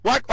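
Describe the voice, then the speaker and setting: A man's voice: high voice, gravelly, pushed and bright. A Ghanaian man speaking as a guest on a radio talk show, arguing his political point with passion and mixing Twi with English.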